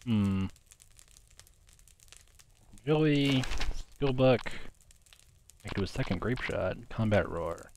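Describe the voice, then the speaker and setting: A man's voice: on the low side, animated, takes it slowly, long pauses, darkish tone, a little hiss or hum. A man giving casual let's-play commentary, muttering his menu choices half to himself. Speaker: gaming commentator.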